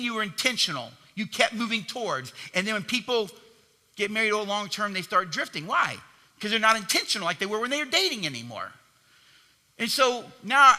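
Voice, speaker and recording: A man preaches an animated sermon, punching key words and tossing questions to the congregation. His voice is high for a man and very bright and forceful. A long reverb from the church hall hangs behind him. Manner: animated, emphatic preaching with call-and-response questions. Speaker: pastor.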